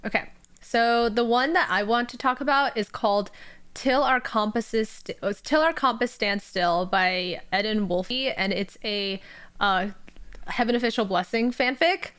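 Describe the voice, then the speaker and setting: A woman co-hosting a podcast, excitable and giggly as she chats and reads aloud. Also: on the high side, unhurried, smooth. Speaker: podcast co-host. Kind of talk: casual chat and reading aloud.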